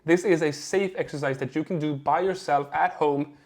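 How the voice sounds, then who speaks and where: A young adult man, a communication coach, giving a measured lesson to camera, stressing key words and pausing for effect. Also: on the high side. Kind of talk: instructional video talk to camera.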